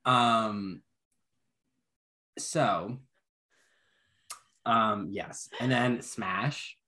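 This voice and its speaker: A man co-hosting a podcast, recapping a TV episode in casual chat, animated with many fillers. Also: fairly low pitch, extremely slow. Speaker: podcast co-host.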